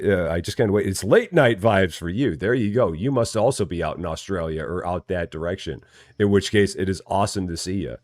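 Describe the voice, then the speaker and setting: A man with a low, deep voice whose pitch still swings widely as he talks through a farming game on a live stream. He chats with viewers, greets them by name and often repeats himself. The sound is dry and close, with no room echo. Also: a little mellow. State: still waking up, early morning. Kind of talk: casual live-stream commentary.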